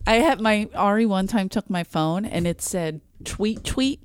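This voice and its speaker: A woman co-hosting a comedy podcast, chiming in quickly and telling her own story. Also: mid-range voice, animated, smooth. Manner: quick interjections and laughter, trades jokes. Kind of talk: casual chat.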